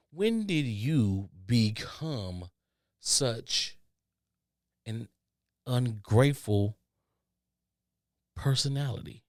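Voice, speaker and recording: A man's voice: on the low side, dry recording, studio quality. A man hosting a podcast, ranting in an exasperated, sarcastic monologue. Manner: exasperated, sarcastic, does mocking voices of others. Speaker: podcast host.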